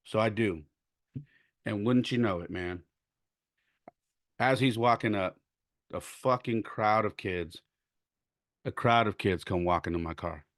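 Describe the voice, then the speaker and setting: A man's voice: lowish voice, unhurried, long pauses, no echo, studio quality. A man hosting a podcast, venting a personal story in a profane, emphatic way. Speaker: podcast host and youth baseball coach.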